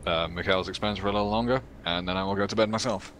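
Man, tabletop player, very deep voice, sharp tone, dry humor. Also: fast, slight background noise. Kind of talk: casual tabletop role-play.

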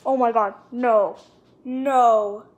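Woman, unboxing vlogger, high voice, unhurried delivery, excitable and gushing. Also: highs cut off, a little hiss or hum. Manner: excitable, gushing over pulls, lists cards quickly. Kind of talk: casual unboxing commentary. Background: card and wrapper crinkling.

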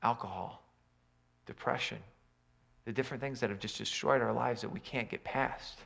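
Man preaching with sweeping loud-soft swings. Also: fairly even intonation, moderate pace, gravelly, husky. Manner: swings between loud emphatic lines and quiet low asides. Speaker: pastor. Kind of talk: sermon.

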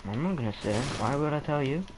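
A man's voice: a little high, lively intonation, fast talker, crowd noise. A man chatting crudely and joking while gaming online. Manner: crude, joking, laughs often. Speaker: gamer. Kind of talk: casual chat while gaming.

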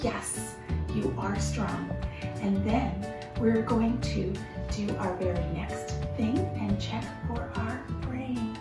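A woman leading a children's movement and song lesson from her home, speaking in a slow, encouraging sing-song way. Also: on the high side, over music. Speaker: children's movement and music leader. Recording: echoey room, mic at a distance.

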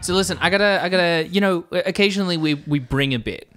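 A woman's voice: fairly low pitch, quick pace, over loud music. A woman co-hosting a podcast, teasing and playful in casual banter, laughing often. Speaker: podcast co-host.

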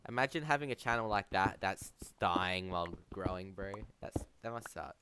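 A man's voice: low-pitched, lively intonation, normal speed, background noise. A man streaming a game, chatting casually and rambling to his chat, calling them bro. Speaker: gaming streamer.

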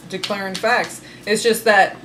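A woman's voice: mid-range voice, steady tone, a little slow, a bit bright, slight background noise, poor audio. Sassy woman giving a tarot reading. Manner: sassy and emphatic, laughs often. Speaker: tarot reader. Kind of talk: casual tarot reading to camera.

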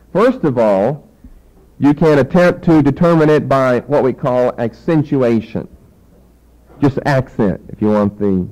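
A man's voice: mid-range voice, warm tone, poor audio. A man teaching a classroom lecture, explaining step by step with rhetorical questions, his voice dropping away as he turns to write on the board. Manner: voice drops away when turning to write. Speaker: Bible teacher.

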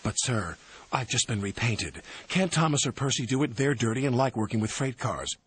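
A man's voice: mid-range voice, animated, moderate pace, husky. Man playing James, a haughty boastful engine. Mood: whiny. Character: boastful vain young male tank engine.

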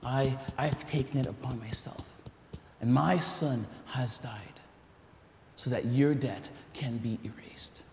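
A man voicing a merciful king in whispered role-play, hushed, halting and earnest, in an echoey church hall. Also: mid-range voice, slight background noise, voice pushed down. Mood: solemn. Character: merciful old king, solemn and tender.

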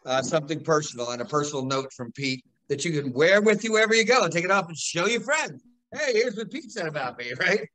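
A man's voice: on the high side, fast, few pauses, pushed and bright, no room sound, poor audio. A man hosting a casual show, chatty and upbeat. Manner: chatty, upbeat, laughs along. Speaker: host.

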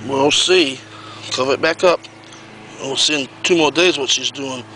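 This pumpkin grower speaks at medium pitch and a moderate pace, his tone bright and forceful. He strolls his garden outdoors, chatting casually and repetitively to a handheld camera as he walks. The recording is poor, with slight background noise.

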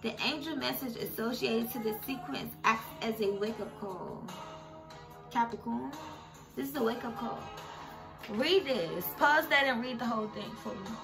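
A woman's voice: fairly high pitch, normal speed, gravelly. A woman doing a casual tarot reading who talks straight to her viewers and gets emotional. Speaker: tarot reader. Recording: music playing behind her.

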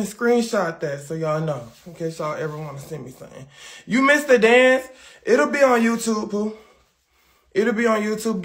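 High-voiced man chatting brashly on a livestream. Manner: brash, profane, chatty with viewers. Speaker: livestream host. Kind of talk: casual livestream chat.

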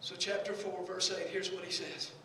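A Southern US pastor preaching a sermon, swinging from shouted passages to soft hushed ones, recorded in a large church sanctuary from a distance. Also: male voice, sits high, little pitch movement, moderate pace, slight background noise. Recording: echoey church hall from far off.

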